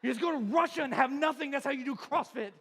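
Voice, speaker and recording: Pastor, man, 40s, very high voice; playful crowd-work sermon, heavy hall reverb. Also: fast, a bit bright, a little hiss or hum. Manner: joking, quizzes the crowd, laughs often. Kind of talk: humorous sermon intro. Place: large church auditorium. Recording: long reverb of a church hall.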